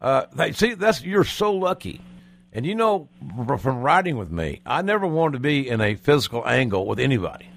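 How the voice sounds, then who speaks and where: Gravelly-voiced man hosting a podcast. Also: mid-range voice, very animated, normal speed. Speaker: podcast host, former wrestling announcer. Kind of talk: casual podcast chat.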